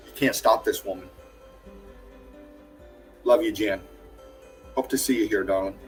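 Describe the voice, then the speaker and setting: A man's voice: on the low side, unhurried. A man hosting a livestream, casually greeting viewers one by one and praising them effusively, with laughs along the way. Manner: effusive, calls viewers darling, laughs often. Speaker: livestream host. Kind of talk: casual livestream shout-outs. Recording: faint music behind.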